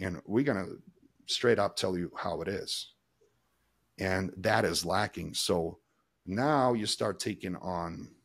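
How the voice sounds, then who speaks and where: A man's voice: sits low, vocal fry, husky. A man speaking as a guest expert in a podcast interview, explaining at length in loose, emphatic run-on sentences with frequent restarts. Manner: emphatic, acts out little examples in quoted voices. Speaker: guest expert on body language.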